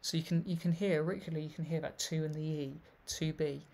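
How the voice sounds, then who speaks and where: A man's voice: a little high, fairly even intonation, fast talker, a little mellow. A man giving an explanatory video lecture, reading passages aloud and commenting on them as he goes. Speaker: literary researcher presenting a thesis.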